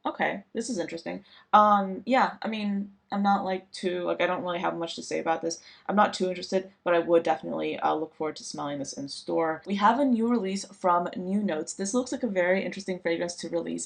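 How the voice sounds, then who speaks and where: A woman's voice: lowish voice, steady tone, brisk, vocal fry. A young woman reviewing new perfume releases in a casual, chatty way, with lots of fillers and restarts. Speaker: fragrance reviewer.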